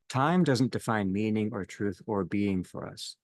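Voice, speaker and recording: A man with a very low voice leads a reflective theological talk. He speaks in slow, halting phrases that often fade softly at the end. The sound is dry and close, with no room echo. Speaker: discussion leader.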